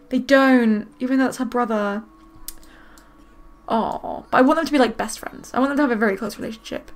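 Woman, casual gameplay commentary host; high voice, excitable, gushing. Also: fast talker. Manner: excitable, gushing, squeals with delight. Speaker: gaming video host.

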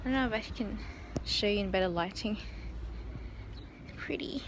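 A young woman chatting excitedly in a casual travel vlog, telling stories and swearing now and then, filmed on a handheld phone. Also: medium pitch, normal speed, background noise. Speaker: vlogger. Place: out and about, shops and hotel room. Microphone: handheld phone camera.

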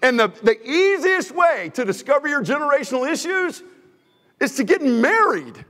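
A man preaching a humorous sermon as a guest preacher in a church sanctuary, teasing the room in an energetic, joking way. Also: extremely high pitch, normal speed, in a large hall.

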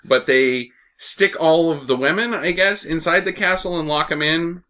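A man's voice: a little high, moderate pace, pushed and bright. A man co-hosting a movie podcast, recapping the plot in a rambling, profane way and laughing often. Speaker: podcast co-host. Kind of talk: casual movie-review banter.

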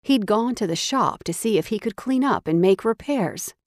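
A woman's voice: mid-range voice, expressive, moderate pace, dry recording, clean studio sound. A woman narrating a first-person romance audiobook in an intense, dramatic read.

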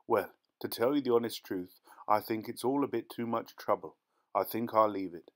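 A man's voice: lowish voice, normal speed, natural voice. A man voicing a fussy, ingratiating male antiques dealer posing as a parson, overly polite and wheedling.

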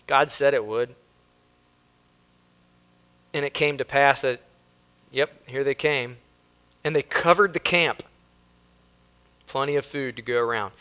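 A man's voice: medium pitch, normal speed, long pauses, sharp tone. An American man, a pastor preaching a sermon with emphasis, reading scripture aloud and acting out the people in the story. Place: church sanctuary.

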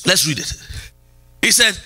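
A middle-aged man, a pastor, preaching a sermon in a church. He repeats key phrases and swings from loud calls down to quiet lines. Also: sing-song, measured pace, husky. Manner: preaching with sweeping pitch jumps and repeated phrases. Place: church hall.

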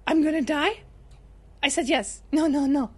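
A woman streaming a horror game live, chatting to her viewers in an excitable, squeaky voice. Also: moderate pace. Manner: excitable, chatty, talks to chat. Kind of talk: live gameplay commentary.

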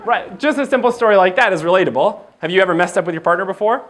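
A man giving a motivational keynote speech at a training event, telling stories in an animated way, laughing often and acting out dialogue. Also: sits high, rapid-fire. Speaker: keynote speaker.

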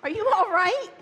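A woman's voice: very high-pitched, pushed and bright. A woman leading a playful children's time in a church service, coaxing kids to sit and play a game. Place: church sanctuary. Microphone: handheld or lapel mic. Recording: long church reverb.

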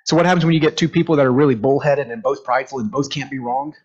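A man leading a group class in a conversational lecture, animated, asking the room questions and acting out quotes. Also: mid-range voice, very fast, slightly rough. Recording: dull lo-fi room recording.

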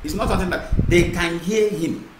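A man's voice: sits high, a little fast. A man with a Nigerian Igbo accent giving an impassioned monologue, mixing English and Igbo and repeating himself. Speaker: activist broadcaster. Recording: echoey room with clear noise.

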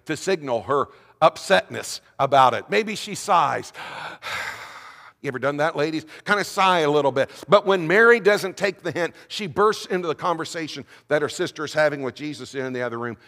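A man preaching a sermon as senior minister, telling the story in an animated way with playful asides. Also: a little high. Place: church sanctuary. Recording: long church reverb.

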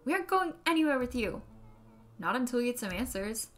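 A woman's voice: on the high side, very animated, a little fast, fairly bright tone, soft background music, pitched above the performer's own voice. A woman voicing a bold, defiant boy who talks back in a snappy, sarcastic way. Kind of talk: live-streamed game read-aloud.

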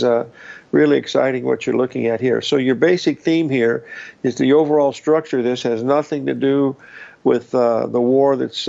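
A man hosting a live finance show, praising his guest with drawn-out fillers. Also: mid-range voice, vocal fry, darkish tone, muffled recording. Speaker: show host.

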